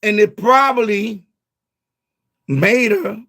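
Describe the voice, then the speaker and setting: High-voiced, profane man on a live stream. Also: slow pace, vocal fry. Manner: profane, excitable, keeps saying bro. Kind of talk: casual late-night chat.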